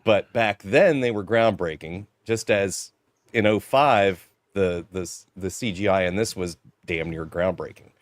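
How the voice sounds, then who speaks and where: Low-voiced, easygoing man. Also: a little slow, no echo, studio quality. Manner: rambling, easygoing. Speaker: podcast panelist. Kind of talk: casual film discussion.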